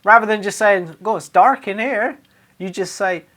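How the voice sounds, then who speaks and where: A man's voice: high-pitched, normal speed. Jokey Cornish man reading out sayings. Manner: jokey, bursts into loud exaggerated dialect phrases. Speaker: radio DJ. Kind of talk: comic monologue reading out followers' sayings.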